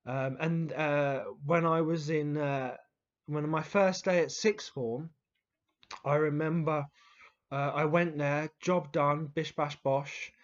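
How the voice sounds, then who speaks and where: A man's voice: on the high side, fairly even intonation, slow pace, dull audio. A man telling childhood stories to camera in a casual, rambling way, with frequent restarts, fillers and the odd swear word. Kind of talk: casual storytelling monologue.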